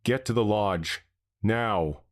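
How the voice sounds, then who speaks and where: A man's voice: a bass voice, little pitch movement, measured pace, a little mellow. A man voicing a frightened, bitter man in his fifties who steadies himself to face a monster. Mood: yelling. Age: 50s. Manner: shaky but steadying, bitter. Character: shaken middle-aged man facing a monster.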